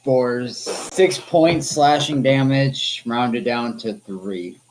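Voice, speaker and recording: A man's voice: mid-range voice, drawn-out words, low-quality recording. A man narrating as dungeon master, calling for dice checks and describing how each combat move turns out. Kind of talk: narrating a tabletop game.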